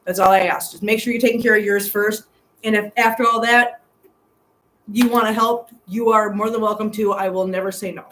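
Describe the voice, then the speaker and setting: A woman's voice: mid-range voice, steady tone, fairly quick, fairly bright tone, slight background noise, low-quality recording. A middle-aged woman hosting a live stream from a hotel room. She talks earnestly and from the heart to her viewers and laughs often. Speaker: channel host.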